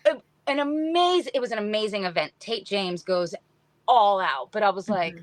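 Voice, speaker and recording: A woman's voice: medium pitch, expressive, normal speed, no echo. A middle-aged woman guest on a podcast, telling stories in a chatty way and acting out what people said. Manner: chatty, lots of "like", acts out quotes. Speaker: podcast guest, book influencer. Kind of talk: casual storytelling chat.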